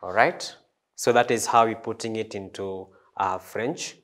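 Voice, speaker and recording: A man teaching a French language lesson, slow and hesitant, with many fillers and restarts. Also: lowish voice, fairly bright tone. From East Africa. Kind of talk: classroom lesson.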